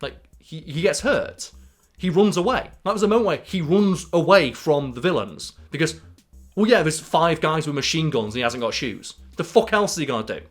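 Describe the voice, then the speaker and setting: A man's voice: fairly high pitch, lively intonation, normal speed, faint music behind. A man co-hosting a podcast, chatting casually about films in a blunt, opinionated and sweary way. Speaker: podcast co-host. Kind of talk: casual film chat.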